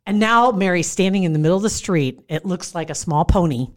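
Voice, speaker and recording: A woman in casual chat, telling a story in an animated way and laughing often. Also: fairly low pitch, a little fast.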